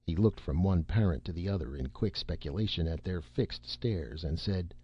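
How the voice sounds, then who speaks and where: A man narrating a science fiction story as an audiobook, expressive and shifting into character voices. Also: sits low, normal speed, breathy edge, no echo. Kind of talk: scripted narration. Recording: dull lo-fi, dry.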